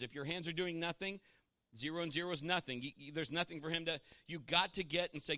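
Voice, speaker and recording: Forceful, dry-sounding male pastor preaching. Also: fairly high pitch, fast, dry recording. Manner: impassioned preaching, leads the congregation in repeating lines. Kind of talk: sermon.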